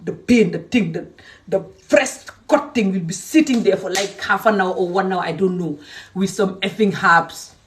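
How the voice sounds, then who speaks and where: A woman from Gambia giving an angry, emphatic rant to her followers, swinging between loud outbursts and low muttering. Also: normal speed, far from the mic. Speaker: social media creator. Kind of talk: angry direct-to-camera rant.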